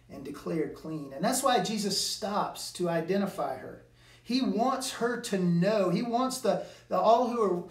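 An earnest male pastor delivers a sermon, often doubling back on his words as he goes. His voice sits a little high for a man. He is heard from some way off the mic, with the sound ringing around a roomy church. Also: distant mic. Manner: earnest preaching with repeated words and restarts. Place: church sanctuary.

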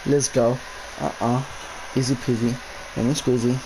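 A man's voice: medium pitch, moderate pace, loud music behind the voice, poor audio. A young man commentating a horror game for his channel, talking in casual slang, cursing constantly and shrieking when scared. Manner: casual slang, addresses viewers as bro and guys. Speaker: gaming YouTuber.

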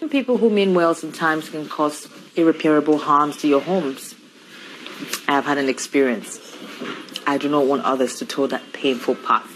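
An actress playing a married woman who hosts her own talk show, speaking in a composed, deliberate way. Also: low voice, a bit bright, slight background noise, rough recording. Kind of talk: scripted talk show hosting.

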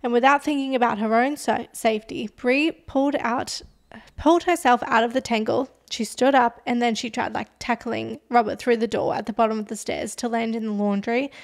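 A woman's voice: fairly high pitch, fairly even intonation, moderate pace. A woman hosting a podcast, casually retelling a true-crime story with lots of "like" fillers and dramatic emphasis. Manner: chatty, heavy use of "like" as filler. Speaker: podcast host.

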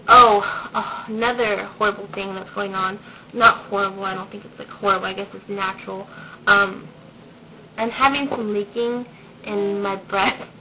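A woman's voice: mid-range voice, steady tone, normal speed. A young woman giving a casual pregnancy update vlog, shy and rambling with lots of ums, getting over a cold. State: recovering from a cold. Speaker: vlogger. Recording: dull lo-fi home video with noise.

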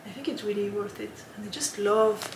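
A woman hosting a knitting podcast in a casual, chatty way, often laughing and pausing with ums. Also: mid-range voice, flat delivery, echoey room, background noise. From lives in Switzerland.

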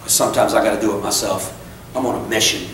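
A man's voice: on the low side, steady tone, fast talker, fairly bright tone, distant mic, slight background noise. A man preaching a sermon as pastor, emphatic and repetitive, breaking into casual asides and stories about himself. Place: church sanctuary. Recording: echoey church recorded from afar.

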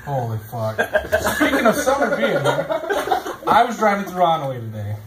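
A man's voice: a little high, wildly swooping pitch, normal speed. A man performing a stand-up comedy set in a small club, telling crude, profane stories and acting out quotes. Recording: echoey club with audience noise.

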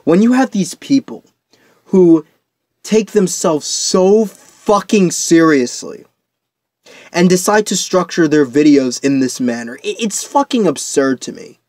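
A man's voice: fairly high pitch, expressive, unhurried, darkish tone, dry recording, clean studio sound. A young man delivering a profane, heated off-the-cuff commentary rant, full of restarts. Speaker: commentary YouTuber.

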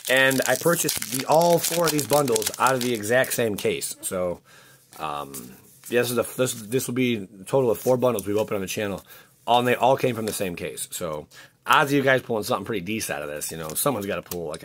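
A man's voice: mid-range voice, animated, brisk, fairly bright tone. A man hosting his channel, chatting casually and rambling with frequent restarts as he opens card packs, his voice cracking. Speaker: card-opening channel host. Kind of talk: casual commentary while opening packs.

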